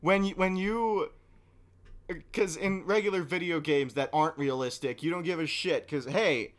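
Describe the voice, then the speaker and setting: A man co-hosting a podcast, telling a story in casual chat and swinging from low mumbling to loud yelling. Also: normal speed. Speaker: podcast co-host.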